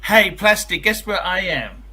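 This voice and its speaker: A man's voice: high-pitched, animated, a little slow, bright, forceful tone, low-quality recording. A man chatting eagerly and repetitively with friends on a call. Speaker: channel host. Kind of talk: casual call-in chat.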